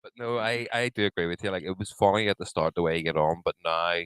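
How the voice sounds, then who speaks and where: A man's voice: deep voice, fast talker, fairly bright tone, clear, resonant tone, dry recording, rough recording. A man co-hosting a podcast, arguing his point in casual, sweary chat. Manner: argumentative, sweary, hesitant restarts. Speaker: podcast co-host.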